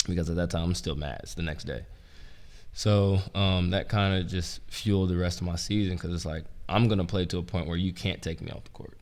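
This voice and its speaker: A young man, a former college basketball player and coach, telling stories in a relaxed, rambling way, full of "like" and "um". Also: low-pitched, fairly quick, clear, resonant tone. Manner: relaxed, rambling, heavy use of "like" and "um". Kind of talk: casual storytelling interview. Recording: roomy with long reverb.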